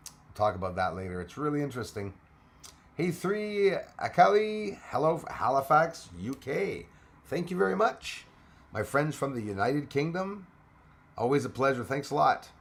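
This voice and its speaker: A man's voice: medium pitch, very animated, moderate pace, gravelly. Chatty man hosting a live chat. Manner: chatty, greets commenters by name, laughs often. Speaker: livestream host. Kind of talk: casual live chat with viewers.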